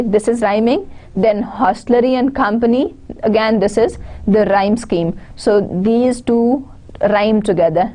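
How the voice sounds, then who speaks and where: A woman's voice: mid-range voice, a little slow, warm tone. A woman with a Pakistani English accent giving an online lecture, explaining step by step and restating her points. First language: Urdu.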